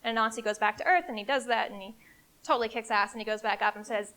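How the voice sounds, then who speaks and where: Energetic woman giving a live talk. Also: on the high side, fast. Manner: energetic, conversational, emphatic. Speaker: CEO giving a marketing presentation. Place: event room before a live audience.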